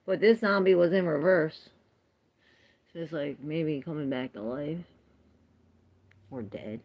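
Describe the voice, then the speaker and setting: A woman hosting a livestream chats slowly and loosely, drifting from thought to thought. Her low voice has a gravelly fry, and the sound is dry and close. She laughs often and answers viewers' comments as they come in. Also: darkish tone, dry recording. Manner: rambling, laughs often, reacts to chat comments. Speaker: tarot livestream host. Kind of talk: casual livestream chat.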